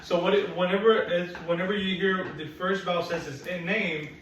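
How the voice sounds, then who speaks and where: In a classroom, a woman patiently teaches phonics to young children, repeating vowel sounds and teasing that she's going to trick them. Her voice is on the low side, with a steady tone and moderate pace, recorded from far off in an echoey room with faint noise.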